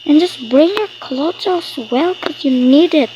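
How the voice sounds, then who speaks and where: A woman's voice: high voice, unhurried, mellow, a little hiss or hum, pitched above the performer's own voice, poor audio. A woman voicing a bossy, impatient mother in a toy role-play voiceover, nagging and scolding.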